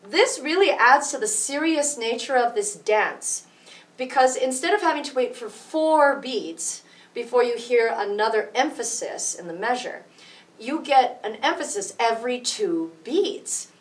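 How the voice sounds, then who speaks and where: A woman music teacher explaining rhythm slowly and patiently, counting beats out loud. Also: a little high, animated, distant mic. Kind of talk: rhythm tutorial with counting aloud. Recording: echoey room, voice from off mic.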